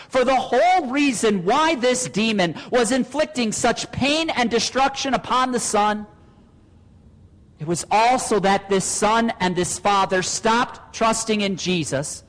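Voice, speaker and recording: A pastor delivers an earnest sermon, pressing his listeners with rhetorical questions. His voice sits very high for a man. The sound rings out with the long reverb of a church hall. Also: a bit bright.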